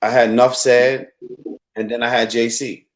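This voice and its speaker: A man's voice: mid-range voice, flat delivery, a little slow. A man hosts a casual conversation, reflective and earnest. He often restarts his sentences as he gathers his thoughts. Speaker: host and venue owner. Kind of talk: casual chat.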